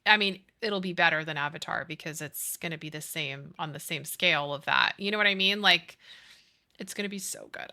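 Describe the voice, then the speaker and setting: While gaming on stream, a woman in her thirties chats casually with her chat, gushing and giggly. Her lowish voice is bright and forceful, moving a little fast.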